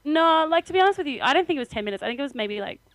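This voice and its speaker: A woman's voice: high voice, lively intonation, very fast, fairly bright tone, no room sound, poor audio. A young Australian woman co-hosting a podcast, telling a story in casual chat with frequent laughter. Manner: chatty storytelling, laughs often. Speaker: podcast co-host.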